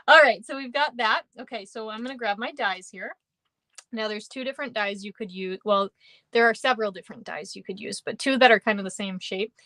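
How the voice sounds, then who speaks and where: A woman's voice: mid-range voice, pushed and bright, no echo. A woman hosting a live-streamed card-making class, chatty and bubbly, laughing often and greeting viewers by name. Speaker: craft class host. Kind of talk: live-streamed craft demonstration.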